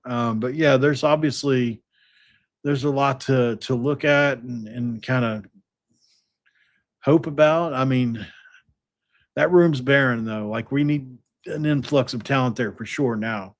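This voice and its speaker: A man's voice: medium pitch, unhurried, long pauses. A man hosting a sports podcast, talking casually and rambling with lots of fillers and restarts.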